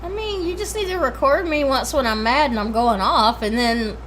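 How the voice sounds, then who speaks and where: A woman co-host in casual chat, giggly and quick to disagree. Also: high voice, fairly bright tone, slight background noise.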